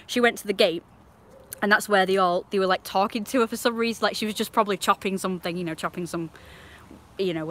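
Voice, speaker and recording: A woman's voice: medium pitch, a bit bright. A young woman on a live stream, telling a rambling, indignant story and swearing freely.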